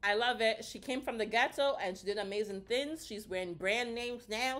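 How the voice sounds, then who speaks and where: A young woman from Canada reacting to a music video and gushing excitedly to her viewers. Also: a little high, moderate pace, hardly any pauses. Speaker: YouTube reactor. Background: faint music from the video.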